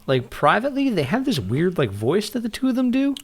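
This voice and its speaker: A man co-hosting a podcast in casual film chat, animated, telling scenes with lots of back-and-forth. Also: sits high, fairly quick, breathy edge. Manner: animated, acts out lines in a raised voice. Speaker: podcast co-host.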